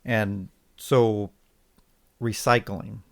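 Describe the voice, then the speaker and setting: A man co-hosting a podcast in casual opinion chat, sarcastic and halting with restarts. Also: fairly low pitch, steady tone, gravelly. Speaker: podcast co-host.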